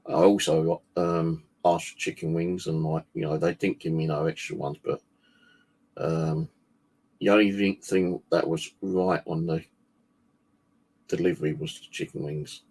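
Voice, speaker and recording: A low, husky-voiced man talking loosely to his livestream audience. He rambles from one thing to the next and swears freely. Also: flat delivery, unhurried, darkish tone. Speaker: paranormal channel host. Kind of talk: casual livestream chat.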